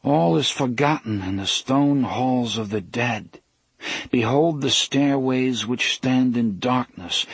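A man's voice: mid-range voice, breathy edge, no room sound, heavily acted. A man reading an audiobook, voicing a dazed young man who whispers a chant in a falling, fainting voice.

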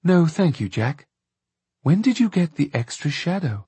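Man voicing a poised young woman, audiobook, slightly raised, husky. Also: fairly high pitch, sing-song, unhurried, a little mellow, dry recording, voice pushed up, heavily acted. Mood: firm. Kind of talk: audiobook narration.

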